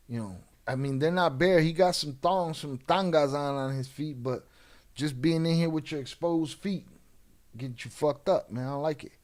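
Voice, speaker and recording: A man hosting a live show, giving casual, profane commentary in street slang on crime videos. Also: a little high. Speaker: host.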